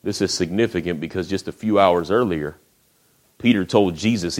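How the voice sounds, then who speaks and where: A man preaching a sermon, retelling the story in a folksy way with acted quotes, often dropping to a hush. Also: low voice, moderate pace.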